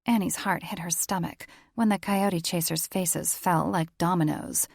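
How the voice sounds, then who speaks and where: A woman narrating a romance audiobook in a measured storytelling manner. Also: lowish voice, steady tone, gravelly, no echo, studio quality. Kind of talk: scripted narration.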